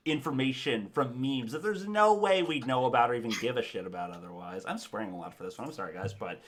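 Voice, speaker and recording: A man's voice: mid-range voice, fast, fairly bright tone. A man hosting a live stream in a casual, rambling chat, often chuckling and correcting himself.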